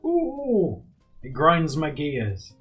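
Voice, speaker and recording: A young man streaming live, chatting casually and rambling while he draws, often laughing and jumping into high squeaky bursts. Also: huge pitch swings, very slow, soft background music. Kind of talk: casual chat while drawing on a livestream.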